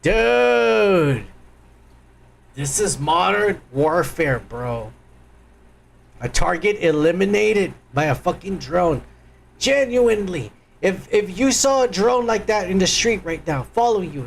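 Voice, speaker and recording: His voice sits high and sing-song, a little slow with vocal fry, over a faint hiss or hum. As a livestream host reacting to clips, he talks straight to viewers with crude, loud, mocking and profane commentary.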